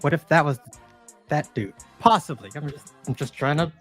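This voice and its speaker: A man's voice: fairly high pitch, normal speed, a bit bright, faint music behind. Teasing livestream co-host man. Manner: speculative, teasing. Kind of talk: casual live chat.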